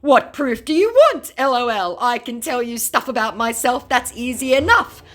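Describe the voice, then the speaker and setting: An indignant male scammer, put on by a woman, squeals his denials in a high, exaggerated voice. He sounds defensive and evasive, with a pitch that leaps all over the place. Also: expressive, normal speed, natural voice.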